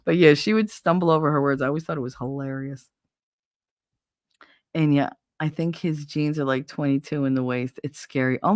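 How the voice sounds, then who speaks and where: A woman with a deep voice hosts a livestream, trading blunt, profane anecdotes and laughing often as she chats casually. The sound is clean and studio-quality, with no echo.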